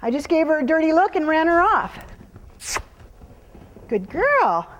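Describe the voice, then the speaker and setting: High, lively woman training a horse. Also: quick pace, in a large hall, highs cut off, noisy background. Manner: explains her steps to an audience between cooing praise to a horse. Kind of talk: live demonstration commentary. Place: horse arena.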